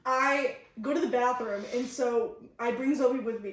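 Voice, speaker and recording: A young woman co-hosts a casual podcast, retelling family mishaps with quick quoted voices and frequent laughter. Her voice sits high, and the mic is a bit far off in a reverberant room. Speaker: podcast co-host. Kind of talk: casual storytelling chat. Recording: echoey room, mic at a distance.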